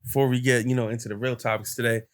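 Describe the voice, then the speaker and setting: Animated young man retelling a story. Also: medium pitch, rapid-fire. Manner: animated retelling with lots of "like" and quoted voices. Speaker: podcast host. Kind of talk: casual chat, storytelling.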